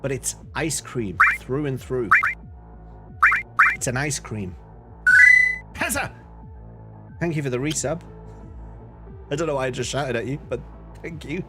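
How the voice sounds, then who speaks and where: A man's voice: mid-range voice, moderate pace, loud music behind the voice. A man chatting casually on a live stream, laughing often and reading out chat messages. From northern England.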